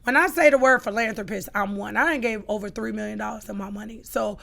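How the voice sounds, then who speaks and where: Podcast guest, middle-aged woman, gravelly edge, mid pitch, emphatic testimony. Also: fast, sharp tone. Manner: emphatic storytelling, acts out quoted lines.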